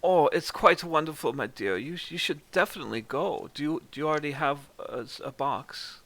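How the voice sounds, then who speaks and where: A man voicing a courtly, rich German horse owner in a tabletop game, with a clichéd put-on German accent and flattering manners. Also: medium pitch, normal speed, voice pushed up. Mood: gallant. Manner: overly gallant, flattering.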